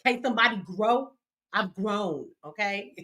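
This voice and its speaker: A woman's voice: medium pitch, a little slow, a bit bright. A woman hosting a casual livestream, talking in with a brash, joking manner, swearing freely and ribbing her chat. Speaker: livestream host. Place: home studio.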